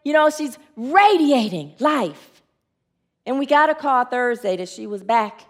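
This high-pitched woman preaches at a measured pace, her pitch swinging widely. She engages her congregation in call and response and tells earnest stories in which she acts out quotes.

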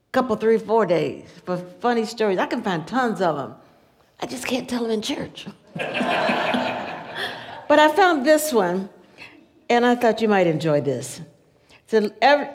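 A woman giving a relaxed, chatty sermon in a folksy tone, often breaking into laughter. Her mid-pitched voice carries a long church reverb. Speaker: church speaker. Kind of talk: conversational sermon.

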